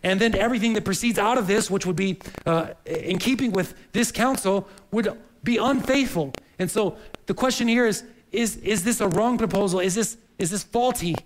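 A man's voice: high-pitched, moderate pace, rough recording. A man preaching a sermon in an earnest, searching way, often repeating words as he reaches for the next phrase. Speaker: pastor.

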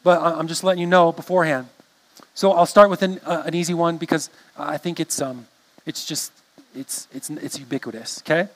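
A man's voice: a little high, steady tone, fairly quick, low-quality recording. A man preaching a sermon in a conversational way, often restarting phrases and checking in with the congregation. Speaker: pastor.

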